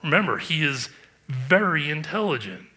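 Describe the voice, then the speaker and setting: A man's voice: a little high, very animated, normal speed, bright, forceful tone. A man preaching a sermon, earnest and emphatic, with rhetorical questions. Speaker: pastor.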